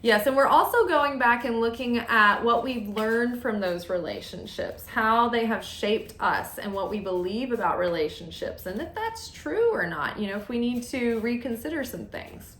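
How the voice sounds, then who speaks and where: A woman's voice: on the high side, animated, moderate pace, hardly any pauses, a bit bright. A woman chatting candidly as a tarot reader while shuffling cards, laughing often. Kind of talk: casual chat while reading cards. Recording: roomy echo.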